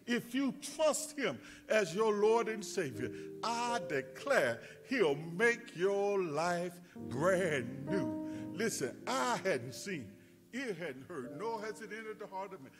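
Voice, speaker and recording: A male pastor preaching a sermon with fervent delivery that rises to shouts. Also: sits high, big pitch swings, measured pace, over music.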